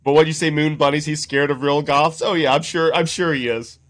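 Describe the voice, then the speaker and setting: Chatty higher-voiced man streaming. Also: steady tone, fairly quick. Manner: chatty, laughs often, greets chat by name. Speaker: streamer reacting to clips. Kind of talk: casual live-stream commentary.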